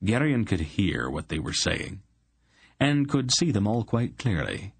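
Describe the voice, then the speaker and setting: A man narrating a fantasy audiobook in a steady, unhurried way. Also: sits low, dry recording, clean studio sound. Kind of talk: scripted narration.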